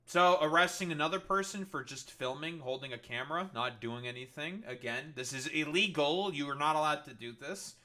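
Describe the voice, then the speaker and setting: A man's voice: fairly high pitch, fairly quick, hardly any pauses, pushed and bright, a little hiss or hum. A man ranting sarcastically and swearing constantly as he reacts to news clips on a livestream, full of fillers like "uh" and "like". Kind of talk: political commentary livestream.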